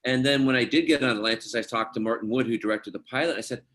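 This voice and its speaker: This man's voice is mid-range and his pace quick. A middle-aged Scottish actor guesting in a casual interview, he tells animated stories and performs quoted dialogue.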